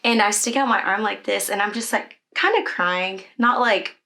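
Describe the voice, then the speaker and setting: Bright-voiced woman telling a personal story. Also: medium pitch, normal speed. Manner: candid and emotional, with many fillers. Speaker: children's ministry leader.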